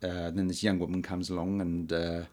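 Podcast host, male, very low voice, hesitant casual delivery with lots of fillers. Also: little pitch movement, darkish tone. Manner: halting, many ums and uhs, chuckles often. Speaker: podcast host reviewing old films. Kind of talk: casual chat.

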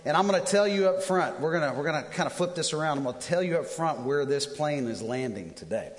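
Male pastor in his thirties, higher-pitched voice, animated storyteller, sermon in a big echoing hall. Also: fast. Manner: animated storyteller, self-deprecating humor. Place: church auditorium. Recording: long hall reverb.

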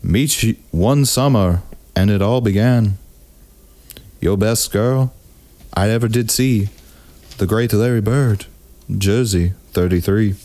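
A man doing an impression of a famous older narrator, reciting rap lines in a slow, measured drawl. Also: lowish voice, warm tone.

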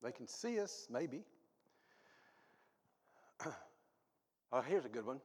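A man preaching a sermon as pastor, shifting from quiet asides to loud exhortation, with self-deprecating humor. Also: slow, long reverb tail. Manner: animated, swings from low asides to loud exhortation; self-deprecating humor, reads ads aloud for laughs. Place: church sanctuary.

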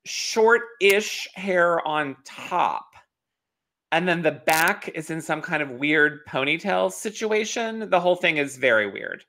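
A woman's voice: lowish voice, animated, slow pace, a bit bright. A woman co-hosting a podcast, casually recapping an episode and explaining salon licensing rules with a knowing tone. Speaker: podcast co-host.

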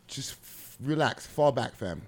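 A man co-hosting a casual podcast chat, animated and swearing, laughing often. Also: medium pitch, a little slow, vocal fry. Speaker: co-host.

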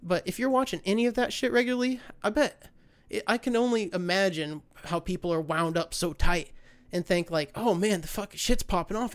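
A man's voice: sits high, smooth. An American man hosting his own podcast, talking in a rambling, profane, fired-up rant. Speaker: podcast host. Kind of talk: casual solo rant.

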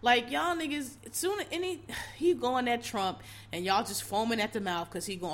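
On a casual commentary show, a woman with a voice on the high side rants bluntly at a moderate pace, swearing heavily. She mocks others with exasperation, putting on voices to do it.

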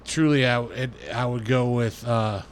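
A man talking casually as a guest, thinking aloud in halting bits with restarts. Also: medium pitch, fairly even intonation, a little hiss or hum. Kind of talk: casual chat.

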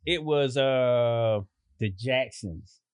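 A man telling stories in casual chat, animated and swearing, jumping into high voices when quoting people. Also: very slow, smooth, no echo. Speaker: podcast guest telling stories.

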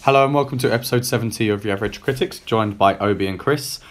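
A man with a slightly croaky voice, hosting a casual film review podcast in a relaxed, chatty way. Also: fairly low pitch, fast talker. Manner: relaxed, chatty, self-deprecating. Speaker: podcast host. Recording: faint background noise.

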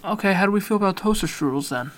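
A man co-hosting a podcast in casual banter, swearing freely and erupting into loud mock outrage. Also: high voice, lively intonation, very fast. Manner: profane, mock-outraged, loud ranting bursts. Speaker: podcast co-host.

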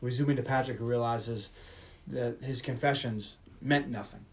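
A man hosting a podcast, casually retelling a film's plot in a brisk storytelling manner. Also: mid-range voice, steady tone, distant mic. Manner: brisk storytelling, mimics characters. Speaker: podcast host. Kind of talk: casual film recap.

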